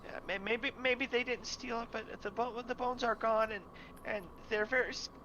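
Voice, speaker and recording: A man's voice: fairly even intonation, normal speed, pushed and bright, dull audio, slight background noise. A man voicing a frightened young male caretaker who whines, stammers and cries. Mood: pleading. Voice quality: high, cracking and sobbing. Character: frightened boy caretaker, whiny and tearful.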